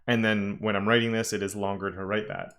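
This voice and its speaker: A man's voice: fairly low pitch, level tone, a little fast, fairly bright tone. A man teaching a live-streamed coding lesson, talking casually and thinking aloud with frequent self-corrections. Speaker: web development instructor.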